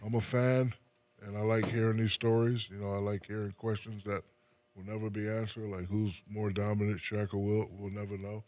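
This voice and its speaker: Very deep-voiced laid-back man. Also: level tone, brisk, dry recording. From New Jersey. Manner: laid-back, soft-spoken, trailing off with fillers. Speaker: guest, retired basketball player. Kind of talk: casual interview.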